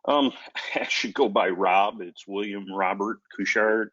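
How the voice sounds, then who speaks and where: Low, flat-voiced Midwestern man. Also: measured pace, husky. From American Midwest. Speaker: caller. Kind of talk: casual video call chat. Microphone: video call. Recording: dry, dull lo-fi call audio.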